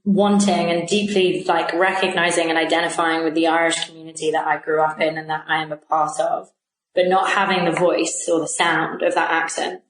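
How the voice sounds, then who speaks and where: A woman's voice: deep voice, level tone, moderate pace. A woman with an English accent, co-hosting a podcast and reflecting at length in casual conversation. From London. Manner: reflective, talks in long winding sentences. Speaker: podcast co-host. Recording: echoey room, faint noise.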